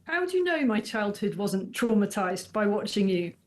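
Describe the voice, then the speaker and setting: A woman journalist with an English accent who grew up in Scotland, chatting as a radio guest with quick retorts. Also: medium pitch, very animated. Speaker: journalist and international editor. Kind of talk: radio chat as studio guest.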